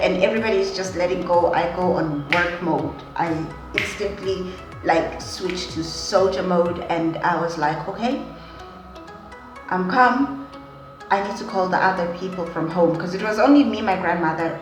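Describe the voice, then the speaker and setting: A young woman tells an emotional story to her viewers in a dramatic, unhurried way. Her voice swings from hushed to loud. The room is echoey and faint music plays behind her. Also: on the low side. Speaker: vlogger.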